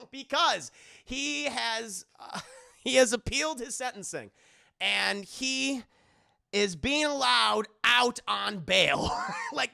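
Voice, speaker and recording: A man streams a casual film recap to his chat, cursing and laughing as he acts out the scenes. His voice has a very gravelly fry and a sharp, tense brightness. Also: high-pitched. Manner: profane, laughing, animated retelling with mock voices. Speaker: movie reviewer and streamer. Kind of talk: casual livestream movie recap.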